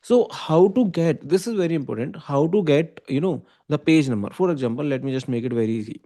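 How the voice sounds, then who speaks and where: A man with an Indian English accent teaches an online class. His voice sits a little high and has a mellow tone. He works through each step slowly and keeps checking that the listener follows. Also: lively intonation. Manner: explains step by step, often checking with "okay?" and "right?". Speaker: computer science teacher. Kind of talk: online lecture.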